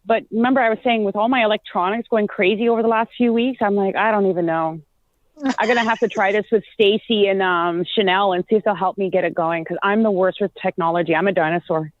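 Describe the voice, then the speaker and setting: A woman's voice: medium pitch, steady tone, fast, few pauses, dry recording. A woman reading as a psychic guest, chatting casually and effusively on a call-in radio show. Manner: chatty, effusive, lots of "like" and "you know". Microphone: phone call-in. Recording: tinny phone line.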